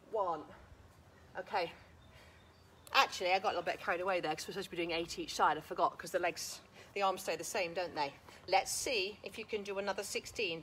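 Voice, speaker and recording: A woman's voice: on the low side, fairly bright tone, slight background noise. A woman leading a live workout class, counting reps, cueing moves and encouraging everyone while a bit out of breath. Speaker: fitness instructor. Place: outdoors.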